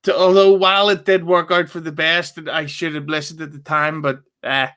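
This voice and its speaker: A man, talking as a guest on a podcast. His voice is high for a man, and bright with an edge of tension. He swears often and makes fun of himself in a relaxed, chatty way. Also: normal speed, smooth. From Northern Ireland. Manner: swears freely, self-mocking humor. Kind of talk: casual chat.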